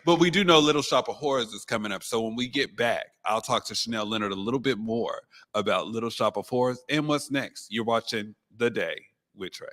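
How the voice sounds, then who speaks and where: A man's voice: on the low side, a little fast, few pauses, a bit bright, long reverb tail. A man guest-hosting a talk show, asking questions in a playful, teasing way with stumbling restarts. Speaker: guest host. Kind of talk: casual interview chat.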